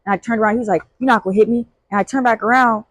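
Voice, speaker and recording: A young woman telling a story in a casual vlog, animated and slangy, with full of fillers, jumping into high shouts when acting out scenes. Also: rapid-fire, no echo, low-quality recording. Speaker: vlogger.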